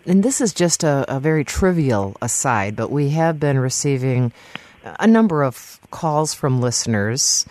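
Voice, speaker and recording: A woman hosting a public radio panel discussion from a studio, speaking in a measured way with frequent filler words. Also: very deep voice, a little mellow, no echo. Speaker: radio talk show host. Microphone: studio microphone.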